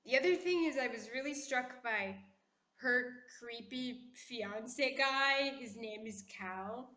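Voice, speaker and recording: A woman's voice: on the high side, takes it slowly. Opinionated woman vlogger, classy put-on voice. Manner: putting on a poised, classy-sounding voice; opinionated and animated. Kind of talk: casual chatty commentary. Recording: echoey room.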